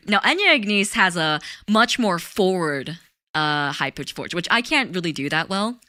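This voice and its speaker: A woman's voice: fairly low pitch, sing-song, normal speed, sharp tone, dry recording, studio quality. A woman streaming live, chatting casually with her chat, giggly and talkative. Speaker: VTuber streamer.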